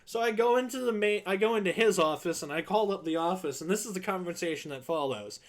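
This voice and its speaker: Brief: male streamer with a high voice, animated storyteller, swears a lot. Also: fast talker.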